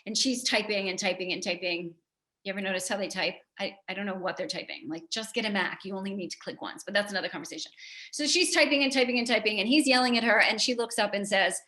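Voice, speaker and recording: A woman's voice: mid-range voice, quick pace, bright, forceful tone. A middle-aged American woman giving a motivational talk to an audience, conversational and joking, often asking the listeners questions. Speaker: keynote speaker.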